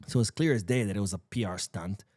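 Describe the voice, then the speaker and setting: A man's voice: fairly low pitch, fast talker, a little mellow, dry recording, studio quality. A man hosting a solo football news show, talking casually and sarcastically, swearing and acting out quotes. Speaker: football podcast host.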